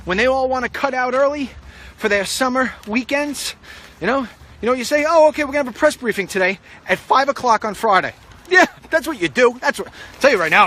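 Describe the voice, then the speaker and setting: The voice is a man's, high-pitched with a sharp tone. He's a middle-aged political vlogger doing walk-and-talk commentary outdoors on a street, shot on a handheld phone, rambling with confidence and speaking straight to the president.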